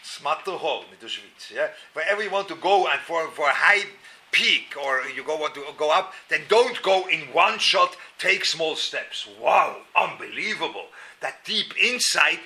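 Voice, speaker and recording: A man with a high, very bright and cutting voice gives a spoken Torah lecture. He talks straight to the listeners with asides and questions and mixes Hebrew and Yiddish words into his English. He acts out inner voices as he argues each point. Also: expressive, unhurried. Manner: emphatic, acts out inner voices with rising and falling pitch. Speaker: rabbi teaching a Torah class.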